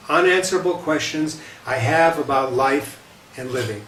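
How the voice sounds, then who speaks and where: A man's voice: mid-range voice, measured pace. A man, a rabbi, giving a lecture with light humor, talking conversationally and often checking in with "okay?" and repeating himself. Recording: roomy echo, distant mic, faint hiss.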